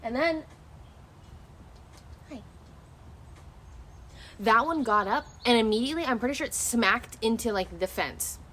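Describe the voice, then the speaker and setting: This young woman's voice is a little high, unhurried, and full of frequent pauses. Streaming outdoors, she chats casually with viewers, rambling and animated, often restarting her sentences and swearing freely.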